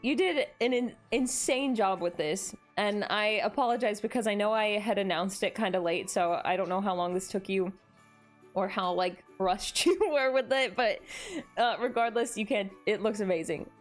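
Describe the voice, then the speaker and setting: A woman streamer chatting casually on a live stream, gushing and excitable, often gasping in delight. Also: medium pitch, moderate pace, faint music behind. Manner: gushing and excitable, frequent gasps.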